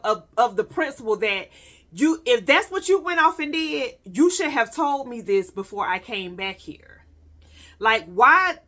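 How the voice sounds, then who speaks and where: A young adult woman vlogger telling a personal story in a casual, animated and profane way, talking straight to her viewers. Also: on the high side.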